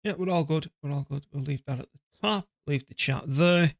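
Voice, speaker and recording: A man's voice: on the high side, fairly quick, gravelly, no room sound, studio quality. A man streaming a strategy game live, chatting away casually, poking fun at himself and talking back to his computer and the game as he plays. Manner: chatty, self-deprecating, talks to his PC and game while playing. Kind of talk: live gameplay commentary.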